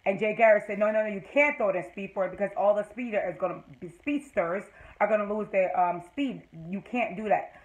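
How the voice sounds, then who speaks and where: A woman with a Jamaican accent giving a rambling, excitable fan recap of a TV episode, full of fillers. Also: mid-range voice, fairly quick, few pauses, muffled recording. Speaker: TV episode reviewer.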